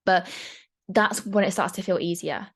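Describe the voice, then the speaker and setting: A young woman coaching in a casual, chatty talk, frank and quick to swear. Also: fairly low pitch. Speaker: mindset coach.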